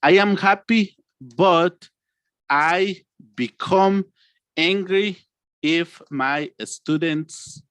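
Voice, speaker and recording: Animated male English teacher, slow deliberate delivery. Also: high voice, clear, resonant tone, dry recording. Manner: animated, acts out emotions, stretches words slowly. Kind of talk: online English lesson.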